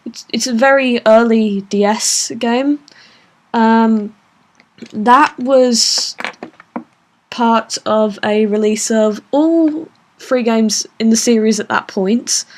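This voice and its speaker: A woman's voice: on the high side, takes it slowly, a little mellow. A woman hosting a let's play, chatting casually with fillers while reading the game aloud. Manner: chatty, laughs easily, hesitant fillers. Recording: game music under voice.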